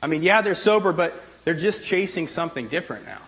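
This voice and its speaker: A man's voice: on the high side, animated, fast, a bit bright, rough recording. A male pastor giving a sermon in a loose, conversational way, often saying "like" and restarting his sentences. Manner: conversational preaching with frequent "like" and restarts.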